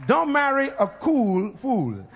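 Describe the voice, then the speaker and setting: A man preaching a fiery sermon, shouting, laughing and leading call-and-response. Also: very high voice, huge pitch swings, slow, a faint crowd, slight background noise.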